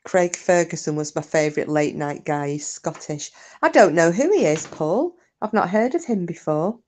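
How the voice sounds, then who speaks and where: A live stream host with a fairly low, darkish voice chats animatedly at a moderate pace from home on a windy day. She reads out viewer comments, laughs often and swears casually.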